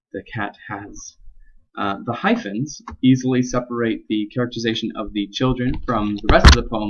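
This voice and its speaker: A young man talks through his reading of a poem, stopping often with ums and starting his sentences over. His voice sits on the low side, and the recording sounds dull and lo-fi. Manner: halting, many ums and restarts. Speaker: student presenting a poem analysis. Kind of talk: unscripted spoken explication.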